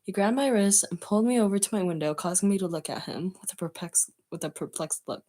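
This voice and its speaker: A woman's voice: medium pitch, expressive, quick pace, dark tone. Streamer, woman, casual read-aloud, giggly, chats to viewers. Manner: giggly, breaks off to comment. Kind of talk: reading fan fiction aloud on stream.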